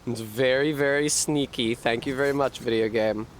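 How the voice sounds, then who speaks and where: A man's voice: medium pitch, steady tone, moderate pace, faint music behind. A man streaming a video game, thinking aloud with profane, sardonic commentary. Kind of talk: live gameplay commentary.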